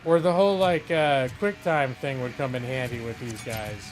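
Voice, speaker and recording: A man's voice: mid-range voice, steady tone, moderate pace. Guy streaming a game, chatty and rambly, medium voice, faint game music. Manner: chatty, rambling, self-interrupting. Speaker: gaming streamer and lawyer. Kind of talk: live let's-play commentary.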